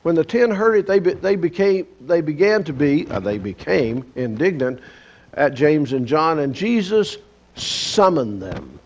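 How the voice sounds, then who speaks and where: A man's voice: on the high side, expressive, unhurried, darkish tone. A man with a Texan accent teaching a Bible lesson in a folksy, explanatory storytelling manner. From Texas, USA. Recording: dull lo-fi recording with faint hiss.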